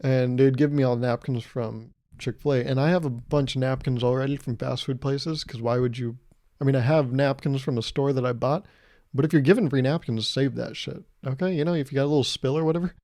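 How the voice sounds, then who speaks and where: A man's voice: mid-range voice, steady tone, a little fast, a little mellow, dry recording, studio quality. A man hosting his own podcast, delivering a casual, profane comedic rant with exasperated swings. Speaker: podcast host.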